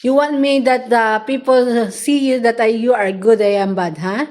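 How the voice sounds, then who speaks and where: A woman's voice: fairly high pitch, steady tone, moderate pace, darkish tone. A young woman with a Filipino accent playfully scolding her pet, teasing and mock-stern with sing-song questions. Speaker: vlogger.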